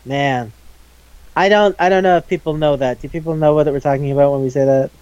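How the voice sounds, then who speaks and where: A man in casual chat, recapping an anime, loose and profane, quickly acting out the characters' lines. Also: on the high side, a little mellow, clean tone, dry recording, dull audio. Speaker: podcast co-host.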